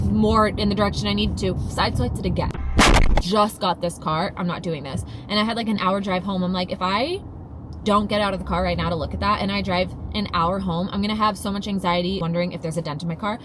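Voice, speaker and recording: A young woman vlogging from inside her car, telling a story in a dramatic, animated way and swearing casually. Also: mid-range voice, fairly quick. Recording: car cabin with clear road noise.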